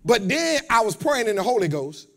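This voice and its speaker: A man preaching a sermon to a congregation in a call-and-response style, repeating phrases and building up to shouts. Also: high voice, sing-song, normal speed, soft background music. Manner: repeats words, talks straight to the congregation. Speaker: pastor. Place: church.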